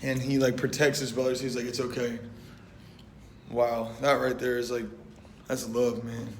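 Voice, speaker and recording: A man's voice: normal speed, slight background noise. Slangy young man in an echoey room. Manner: animated and slangy, acting out voices with "boom" and "bet". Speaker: Christian rapper and artist. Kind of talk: casual faith talk, retelling a Bible story. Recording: roomy echo.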